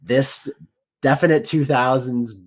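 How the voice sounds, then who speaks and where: A man's voice: medium pitch, steady tone, slow. A man hosting a casual movie podcast, upbeat and friendly, with some fillers. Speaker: podcast host.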